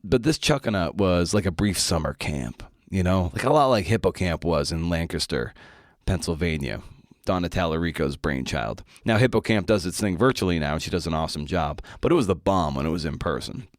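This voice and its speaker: A man's voice: low voice, dry recording, clean studio sound. A man hosting a podcast, wrapping up an interview and chatting in a laid-back, slangy way. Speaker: podcast host. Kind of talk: casual podcast talk.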